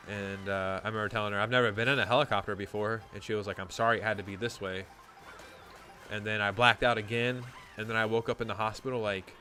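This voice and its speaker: A man's voice: fairly low pitch, pushed and bright. A gaming YouTuber, a man, telling a story in casual, rambling chat, swearing often and saying "like" a lot. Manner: rambling, profane, lots of "like".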